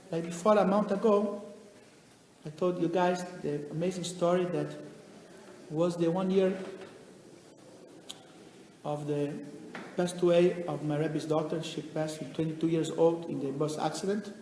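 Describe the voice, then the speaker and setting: A high-voiced man who is a rabbi, telling stories in a lecture and acting out each character with animated delivery. His voice rings in a roomy hall with a long reverb, and faint noise sits underneath. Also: moderate pace, long pauses. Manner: animated, acts out the people in his stories, non-native phrasing. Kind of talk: storytelling lecture. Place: lecture venue.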